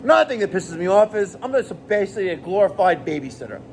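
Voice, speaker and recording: A middle-aged man, a plumbing business owner ranting to the camera in an animated, profane, exasperated way. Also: high voice, fast, a little hiss or hum. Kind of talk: rant vlog to camera.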